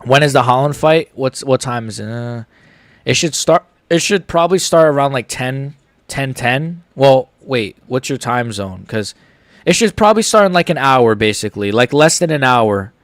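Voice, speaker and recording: A young man with hiccups chatting casually on a live stream, reading viewers' messages aloud in relaxed slangy banter. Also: mid-range voice, normal speed, no echo, clean studio sound. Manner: reads chat aloud, laid-back slangy banter. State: has the hiccups. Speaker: streamer reacting live to fights.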